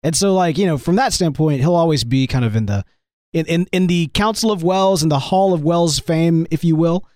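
A man's voice: a little high, a little fast, darkish tone, no echo, studio quality. A man hosting a live fan podcast about a TV show, chatting enthusiastically with a weak, strained voice from illness. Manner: enthusiastic, rambling. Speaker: podcast host. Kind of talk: casual fan discussion.

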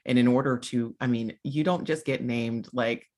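A young woman hosting a podcast, who chats in an animated way and uses many filler words as she asks her guest questions. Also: rumbling low, moderate pace. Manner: animated, chatty, frequent "like" fillers. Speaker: podcast host. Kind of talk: casual interview chat.

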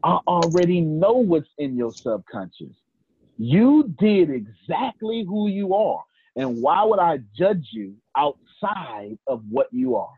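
Animated man teaching over a tinny line. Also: on the high side, slow, slightly rough. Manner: animated, colloquial, calls on listeners by name. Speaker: teacher and host. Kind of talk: live teaching talk with storytelling. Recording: tinny phone-like dry line.

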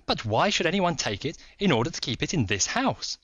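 A man voicing an anxious, excitable government minister who speaks urgently and emphatically. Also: fairly high pitch, brisk, dry recording. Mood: indignant. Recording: dull dry recording.

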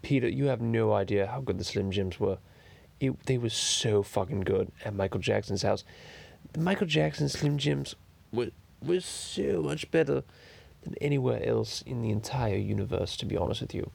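A man's voice: medium pitch, animated, moderate pace, vocal fry, a little mellow. A man voicing a foul-mouthed, rambling cartoon baby boy in an improvised parody monologue full of crude tangents.

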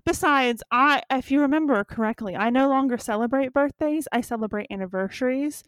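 A woman's voice: high-pitched, brisk, no echo. Chatty self-mocking woman in her thirties. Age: 30s. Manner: rambling, self-mocking, laughs often. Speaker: podcast co-host. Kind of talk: casual chat between friends.

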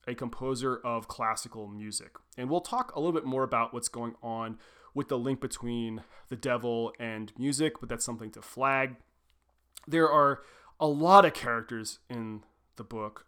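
A young man co-hosting a podcast in a loose, rambling way. He sits at a middling pitch for a man and keeps circling back and correcting himself as he explains. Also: fairly bright tone, smooth. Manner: rambling, self-correcting, frequent "like" and "um". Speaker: podcast co-host. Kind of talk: casual podcast discussion.

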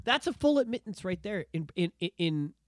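A man hosting a podcast, ranting and swearing in lively casual chat. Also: high voice, a little fast, no echo, studio quality. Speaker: podcast host.

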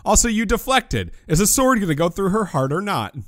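A man's voice: high voice, very animated, fairly quick, a bit bright, no room sound, clean studio sound. A man co-hosting a casual podcast, joking and acting out characters' lines. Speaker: podcast co-host.

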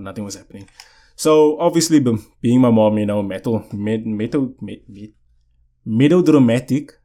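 A man's voice: mid-range voice, dark tone. A young man, telling a story casually to viewers in a rambling way with many restarts. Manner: rambling, restarts sentences, keeps asking "you know what I'm saying". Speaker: vlogger.

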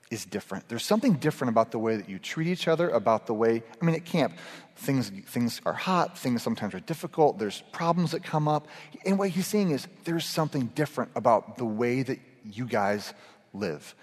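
A man's voice: medium pitch, a little mellow, breathy edge. A middle-aged man giving a casual, humorous sermon to a group. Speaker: pastor. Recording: echoey hall reverb.

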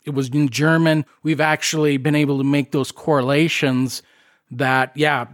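Eager, higher-voiced male podcast host. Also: flat delivery, normal speed. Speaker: podcast co-host, paranormal investigator. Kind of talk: casual interview chat.

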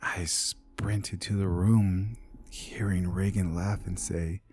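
A man narrating a scripted horror story in a hushed, half-whispered delivery. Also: sits low, little pitch movement, slow, breathy edge.

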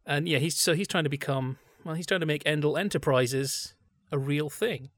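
A man's voice: on the high side, normal speed, no room sound. Dry-sounding man musing on old television. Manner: thoughtful, discursive, digressive. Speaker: podcast co-host. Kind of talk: casual podcast discussion.

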